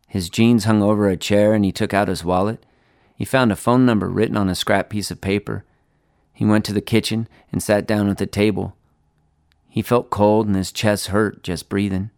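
Low, gravelly male narrator for a spoken-word story, quiet and unhurried, dry close recording. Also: steady tone, no echo. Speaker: author reading his story.

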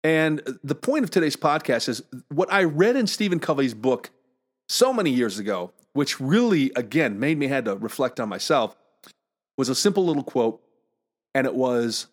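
A man's voice: mid-range voice, sing-song, moderate pace. A middle-aged man hosting a solo podcast, telling stories in a chatty way with many fillers and restarts. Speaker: podcast host. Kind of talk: casual solo podcast monologue.

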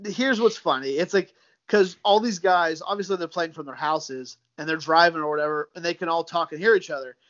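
High-voiced chatty guy, stammers a bit. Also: brisk, a bit bright. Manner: easygoing, repeats and restarts words, says dude and man. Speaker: sports podcaster guest. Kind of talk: casual chat. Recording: slightly dull lo-fi sound.

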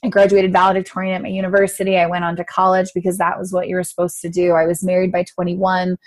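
Talking fast, a thirty-something U.S. woman shares her personal history as an interview guest in casual storytelling style. She performs her past self animatedly, her voice leaping sharply in pitch.

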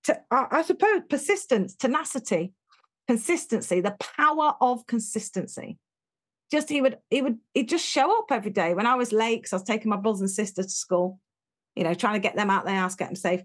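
A middle-aged woman with an English accent, sharing her own story as an interview guest. She talks frankly and with a lot of life, slipping into the voices of people she quotes. Her laughs come quickly between tough memories. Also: fairly high pitch, expressive, slightly rough.

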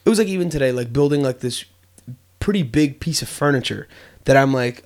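A man's voice: mid-range voice, animated, brisk. A young man co-hosting a podcast, talking earnestly in a casual, reflective way with lots of fillers and restarts. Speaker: podcast co-host.

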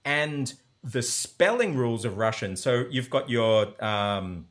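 A man's voice: lowish voice, a little slow, fairly bright tone. Man eagerly explaining sounds. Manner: enthusiastic, explanatory, demonstrates sounds aloud. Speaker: language teacher. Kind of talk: conversational explanation.

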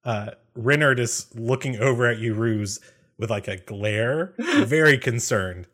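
A man narrating as game master of a tabletop game, laughing often and filling pauses with "uh" and "um". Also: mid-range voice, expressive, fairly bright tone. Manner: laughs often, many fillers.

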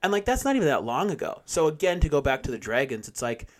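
A young man in casual chat, loose and slangy, with a very animated voice. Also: a little high, fast talker.

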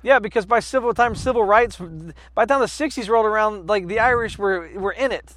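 Podcast co-host, male, from the US; rambling, filler-heavy delivery with sudden shouted impressions and a bright, forward voice. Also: sits high, a little fast, slight background noise. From United States. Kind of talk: casual chat.

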